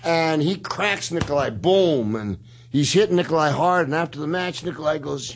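A man's voice: on the high side, moderate pace. A man hosting a casual talk show, telling stories and acting out quoted people in a raised voice. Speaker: podcast host. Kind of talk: casual storytelling chat.

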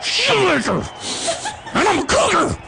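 A man playing his teenage self, a skinny, eager high school football player who yelps his lines in a shrill soprano voice. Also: wildly swooping pitch, a little slow, gravelly, heavy background noise, heavily acted. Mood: yelping eager. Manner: shrill and overeager, yelping.

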